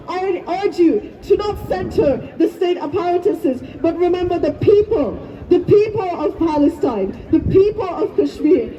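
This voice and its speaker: A woman's voice: extremely high pitch, warm tone. A woman giving an impassioned protest speech outdoors, leading the crowd in chants. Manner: fervent, leads crowd chants. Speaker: rally speaker. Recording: distant, dull lo-fi, faint crowd.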